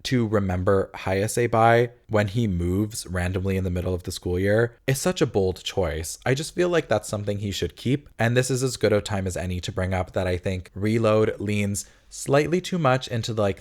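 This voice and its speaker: A man giving a casual, sarcastic, opinionated video game review in an animated way. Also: lowish voice, fairly quick, hardly any pauses.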